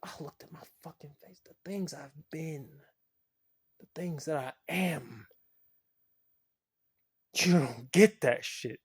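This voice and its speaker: Spiritual rant to camera, profane, intense, drops to mutters then shouts. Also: medium pitch, takes it slowly, pauses often, slightly rough. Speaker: spiritual video creator.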